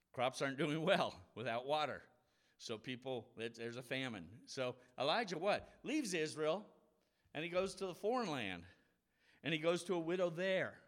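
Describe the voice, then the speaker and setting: A man's voice: mid-range voice, a bit bright. A man preaching a conversational Bible lesson, explaining scripture in a casual, explanatory way and acting out the voices of people in the story.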